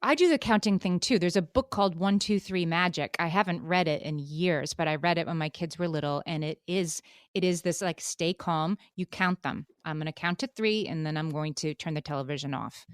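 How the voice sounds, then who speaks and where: A middle-aged woman co-hosting a parenting podcast, telling lively stories and laughing easily in casual chat. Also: on the low side, a little fast, no echo, clean studio sound. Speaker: podcast co-host.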